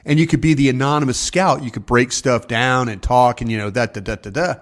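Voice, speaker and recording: A man's voice: medium pitch, fairly even intonation, a little fast. An older man, a former scout, telling rambling stories on a video call from his home office, acting out what others said. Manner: rambling, acts out quotes in voices. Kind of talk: casual storytelling chat.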